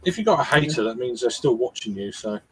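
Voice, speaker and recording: A man's voice: mid-range voice, animated, quick pace, low-quality recording. A man chatting on a live stream in a dry, teasing way. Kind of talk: casual chat on a live stream.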